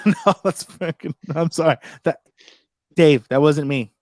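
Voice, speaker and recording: A man's voice: a little high, a little slow, no room sound. American guy hosting a chill tech stream, jokey, swears a lot, dry close sound. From United States. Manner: joking, animated, swears freely. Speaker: host. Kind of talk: casual livestream chat.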